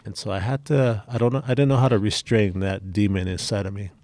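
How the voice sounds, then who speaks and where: A man's voice: fairly low pitch, fairly even intonation, a little fast, a little mellow, no room sound. A middle-aged man telling personal stories in a casual interview, candid and blunt. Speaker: interview guest.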